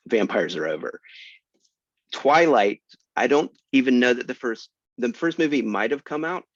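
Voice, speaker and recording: A man telling a story as a guest author, animated and self-mocking, with sudden jumps in pitch for emphasis, heard over a video call. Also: moderate pace, dry recording. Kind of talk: casual storytelling talk. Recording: dry, muffled lo-fi.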